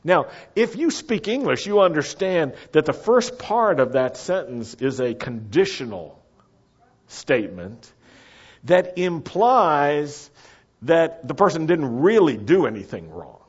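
A man preaching a sermon, slow and deliberate, repeating key phrases for the congregation to say back. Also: on the high side, sing-song, husky, lo-fi sound. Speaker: pastor.

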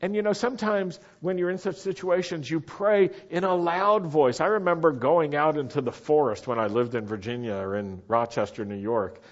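A man preaching a sermon to a congregation, speaking in an animated way and sometimes rising to shouts for emphasis. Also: on the high side, normal speed, few pauses. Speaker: pastor. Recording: dull, lo-fi sermon recording.

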